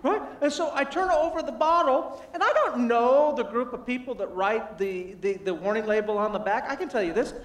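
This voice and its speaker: A man giving a humorous motivational sermon, telling a family story with animated, self-deprecating delivery. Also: extremely high pitch, fairly quick, few pauses. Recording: echoey, distant mic in a large room.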